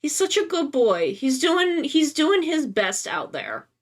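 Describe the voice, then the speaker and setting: Woman streamer, high voice, slow delivery, gushing and playful live chat. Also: wildly swooping pitch. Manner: gushing, playful, swears casually.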